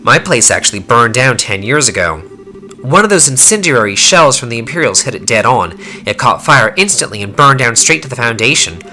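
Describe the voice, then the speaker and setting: A man voicing a rough-spoken young fighter, reading game dialogue aloud with blunt, slangy talk. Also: mid-range voice, lively intonation, fairly quick, bright, forceful tone, faint music behind.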